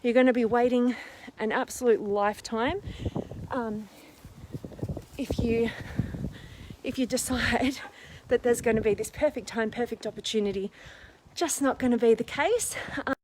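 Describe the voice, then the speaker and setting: Her voice is high and bright, a little slow, with frequent pauses, as she live-streams from a phone camera during a hike up a steep, windy hill. Slightly out of breath, the host keeps the casual exercise chat bubbly and warm, reading viewers' comments and names with many ums and fillers, over faint outdoor noise.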